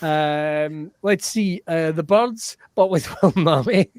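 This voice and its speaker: A man hosting a live online comedy show over a video call, giggly and excitable, swearing playfully. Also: fairly high pitch, slow, no echo, studio quality. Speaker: host.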